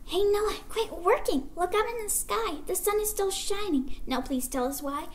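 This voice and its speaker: A woman puts on a crowd of jeering townspeople in a storybook tale. They taunt in a mocking sing-song. The voice climbs well above the reader's own high pitch. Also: normal speed, slight background noise.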